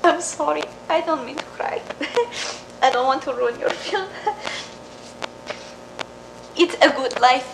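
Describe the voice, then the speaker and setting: Actress doing a Czech immigrant mom, middle-aged, halting broken English, crackly old-film hiss. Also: female voice, high-pitched, animated, gravelly, reverberant, heavily acted. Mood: tearful. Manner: halting broken English with many fillers and laughs. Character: Czech immigrant mother, tender, humble, emotional. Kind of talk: mock documentary interview acting. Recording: scratchy old film recording.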